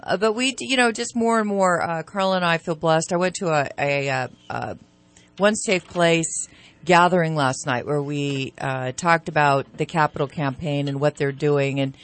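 A woman co-hosting a morning radio show, chatting through the weather and local news with many fillers. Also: deep voice. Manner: chatty, hesitant, many fillers, laughs often. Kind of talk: casual morning radio chat.

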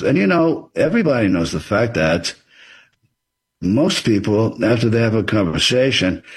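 Fairly low and a bit rough, this man's voice carries an author interview in which he explains things with earnest, advisory sincerity. Now and then he acts out example dialogue.

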